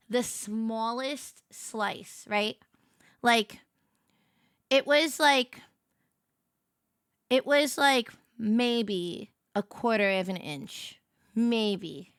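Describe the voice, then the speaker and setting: A woman's voice: on the high side, slow, a bit bright, smooth, no room sound, clean studio sound. A young woman streamer chatting casually on a livestream, telling stories animatedly and greeting viewers by name.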